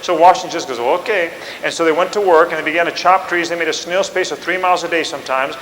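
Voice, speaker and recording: A man telling a history story in an animated way, acting out scenes and commands. The sound has a long reverb. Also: fairly high pitch, very fast, slight background noise.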